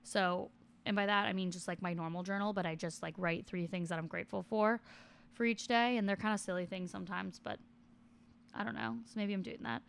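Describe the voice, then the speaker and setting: A woman's voice: medium pitch, steady tone, a little fast, vocal fry, slight background noise. A young woman in her twenties chatting casually in a vlog, reading out a list and commenting on each item with self-deprecating asides. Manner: reads list items then comments on each. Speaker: vlogger.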